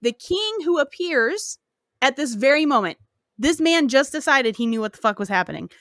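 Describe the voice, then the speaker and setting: A woman's voice: high voice, expressive, moderate pace, a bit bright, no echo, studio quality. A woman podcast host casually retelling a folk tale, cursing and joking as she goes. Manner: profane, slangy and joking.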